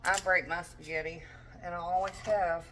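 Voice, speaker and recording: Chatty young mom cooking at home. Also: female voice, lowish voice, fairly even intonation, moderate pace, a bit bright, recorded from a distance, slight background noise, low-quality recording. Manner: chatty, rambling, self-deprecating asides. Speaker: home cook vlogger. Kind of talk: casual cooking chat. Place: home kitchen.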